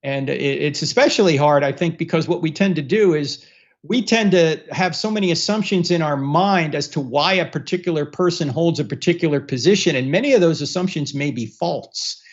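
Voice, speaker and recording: A man hosting a casual livestream Q&A with callers, relaxed and joking, often repeating words as he goes. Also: on the high side, fairly quick, dull audio. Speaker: host.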